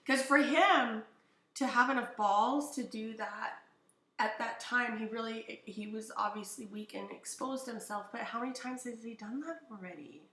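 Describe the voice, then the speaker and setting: A woman's voice: fairly high pitch, moderate pace, a bit bright. A woman co-hosting a casual podcast, speaking in a blunt, outspoken way and swearing freely. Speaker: podcast co-host. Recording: echoey room.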